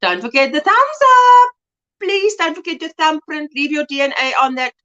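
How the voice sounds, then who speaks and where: Middle-aged woman hosting a home livestream, from South Africa, bubbly, high voice with big swings. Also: animated, moderate pace, bright, forceful tone, muffled recording. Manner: chatty, greets viewers by name, laughs often. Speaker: livestream host. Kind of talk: casual livestream chat.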